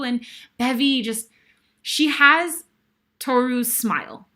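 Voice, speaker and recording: Bright-voiced woman retelling a stage memory. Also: a little high, moderate pace. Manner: emotional, breathless retelling with sighs. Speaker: guest host. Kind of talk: animated storytelling.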